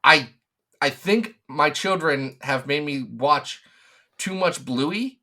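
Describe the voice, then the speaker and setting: A man's voice: on the high side, expressive, takes it slowly, bright, forceful tone. A man in his thirties co-hosting a podcast in casual chat, jokey and rambling with asides. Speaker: podcast co-host.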